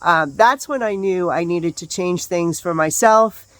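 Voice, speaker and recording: A woman's voice: lowish voice, a little slow, no room sound. A woman co-hosting a casual hiking vlog outdoors on a wooded trail, chatty, upbeat and candid. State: out of breath on the climb. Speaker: hiking vlogger.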